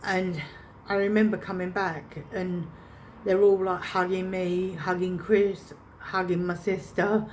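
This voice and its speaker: A woman's voice: lowish voice, level tone, a little slow, few pauses, slight background noise. A woman telling a painful personal story to camera, emotional and reenacting her own past words. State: choked up. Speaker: vlogger.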